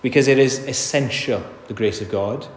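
Male pastor, mid-pitched, emphatic sermon delivery, roomy hall reverb. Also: moderate pace, a little hiss or hum. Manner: earnest, emphatic, rhetorical questions. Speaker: preacher. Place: church.

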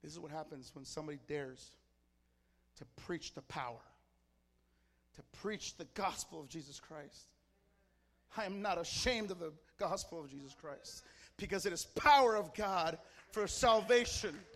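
Male pastor, passionate sermon delivery, high-pitched. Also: normal speed, long pauses, big-room sound. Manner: passionate, builds to shouting.

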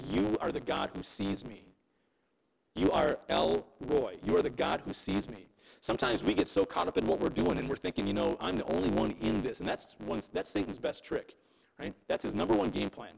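Male pastor, conversational sermon delivery, high and animated, very gravelly. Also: rough recording. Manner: conversational preaching, keeps asking "right?".

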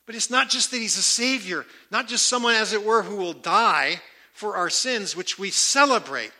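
A man preaching a sermon, emphatic and repeating key words with slow, deliberate stress. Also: sits high, expressive, bright, forceful tone. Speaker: pastor.

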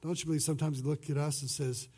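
A pastor preaching a conversational sermon who swings between loud and soft passages and acts out the voices he quotes. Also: a little high, flat delivery, racing, slightly rough.

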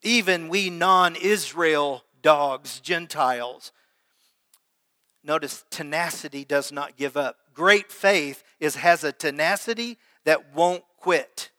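A man's voice: on the high side, slow pace, pushed and bright. A man preaching a sermon as pastor, talking conversationally and putting questions to his congregation. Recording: long hall reverb.

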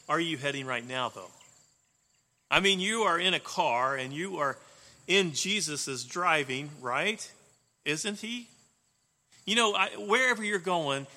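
A man preaching a sermon in an animated way, swinging between loud emphasis and soft asides. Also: a little high. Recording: long reverb of a hall.

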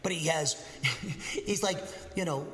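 A pastor preaches in a high-pitched male voice, pressing his points with emphasis. He rambles and restarts his sentences as he goes. The sound rings out in a reverberant hall. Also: takes it slowly, a bit bright. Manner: rambling, self-correcting, emphatic. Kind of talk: sermon.

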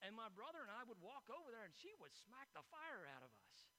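Guy preaching, high bright voice, lots of restarts and repeats, faint hum behind. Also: huge pitch swings, brisk, rough recording. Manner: storytelling with repeated words and rising emphasis. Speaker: pastor. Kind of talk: sermon.

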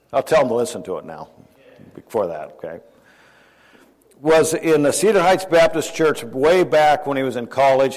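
An older man preaching a sermon in a conversational way, asking his listeners questions and chuckling often. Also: medium pitch. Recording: long hall reverb.

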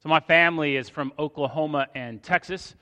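A middle-aged man from Northern Virginia preaching a sermon as pastor, praying in a hushed voice, then telling stories with loud emphasis. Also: a little high, fairly quick, smooth. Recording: long reverb in a large hall.

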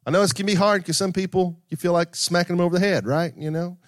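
A man's voice: high-pitched, steady tone, quick pace, dry recording. Conversational male preacher, dry close sound. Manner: conversational preaching with asides and repetition. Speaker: pastor. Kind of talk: sermon.

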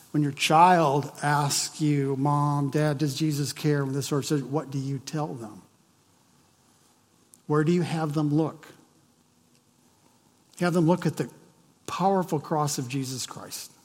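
A man delivering a sermon in a slightly high voice, talking to the room as if chatting before leaning hard into his key points. His words trail into the long reverb of a large hall. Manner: conversational, swinging between hushed and emphatic. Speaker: pastor.

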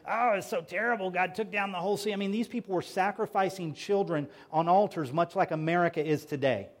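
A middle-aged man preaching a sermon as pastor, emphatic, moving between hushed lines and loud ones. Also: fairly high pitch.

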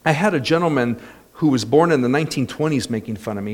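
A man preaching a sermon as a pastor, telling stories and building to loud exclamations. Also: mid-range voice, animated, quick pace. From United States.

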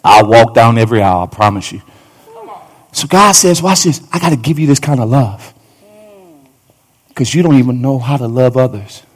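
A man's voice: mid-range voice, animated, normal speed, long pauses. A male pastor preaching a fervent sermon in a church, repeating phrases and talking straight to the congregation. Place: church sanctuary.

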